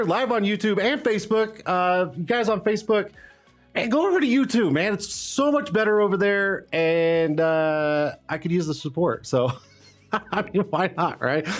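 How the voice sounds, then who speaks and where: Guy hosting a live stream, kinda high voice, rambly and hyped, faint music behind. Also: animated, measured pace. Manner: loose, rambling, hype talk with frequent "uh" and laughs. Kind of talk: casual live stream chat. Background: faint background music.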